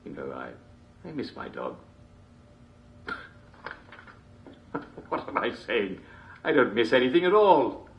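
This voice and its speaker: A man's voice: mid-range voice, sing-song, slow pace, pauses often, muffled recording, a little hiss or hum. An actor playing a jolly TV show host, chuckling constantly between lines in chummy showman patter. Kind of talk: video game character performance.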